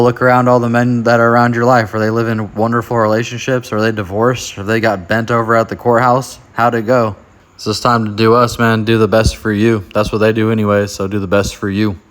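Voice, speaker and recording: A man's voice: on the low side, little pitch movement, fairly quick. A man hosting a reaction show, giving laid-back commentary. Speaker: show host. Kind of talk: casual commentary to camera.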